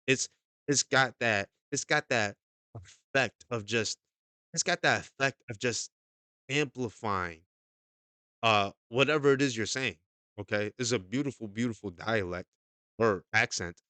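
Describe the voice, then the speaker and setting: A man's voice: mid-range voice, unhurried, pushed and bright, no room sound. A man giving a casual, emphatic movie review, often repeating himself and checking in with "okay?". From United States.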